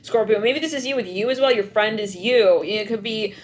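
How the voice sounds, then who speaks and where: A woman's voice: mid-range voice, brisk. A young adult woman doing a live-streamed tarot reading, rambling with lots of "like" and acting out little scenes with giggles. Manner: animated, acts out scenes, giggles often; heavy filler "like", rambling. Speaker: tarot reader.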